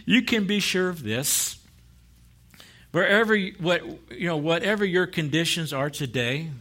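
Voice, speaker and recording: A man preaching a sermon who tells stories, laughs often, and swings from low and soft to loud and high. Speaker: pastor.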